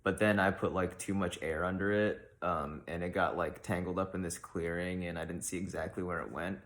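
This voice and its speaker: Deep-voiced deadpan man hosting an advice show. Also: brisk. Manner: rambling and awkward, lots of ums and likes. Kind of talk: deadpan comedic monologue.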